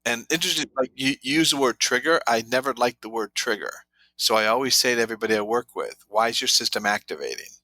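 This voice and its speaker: A man's voice: medium pitch, fast talker, bright, forceful tone, no room sound, poor audio. A man guest on an interview show, an author who tells anecdotes full of quoted dialogue. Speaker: guest, trauma therapy author. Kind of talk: storytelling interview talk.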